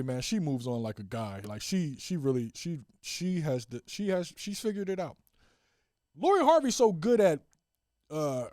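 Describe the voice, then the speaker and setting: A man hosting a solo podcast, telling stories in a casual, animated way and acting out the dialogue. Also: no room sound, clean studio sound. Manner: animated storytelling, acts out dialogue with swings in pitch. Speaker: podcast host.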